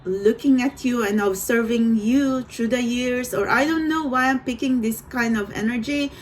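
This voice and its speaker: A woman's voice: on the high side, normal speed, a little hiss or hum, rough recording. A woman doing a tarot reading for viewers, rambling and hesitant, with many restarts. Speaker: tarot reader.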